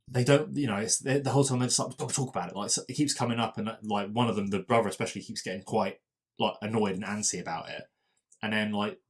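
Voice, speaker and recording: A man's voice: fairly low pitch, slightly rough. A man co-hosting a casual podcast chat, rambling and hesitant as he describes a show. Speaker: podcast co-host.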